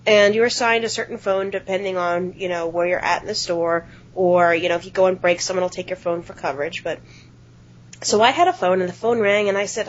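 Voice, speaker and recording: A husky woman on a podcast spins a lively story in a relaxed chat, dropping casual curses along the way. The audio is somewhat dull and lo-fi. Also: fairly low pitch, fairly quick. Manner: animated anecdote-teller, swears casually. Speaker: podcast co-host.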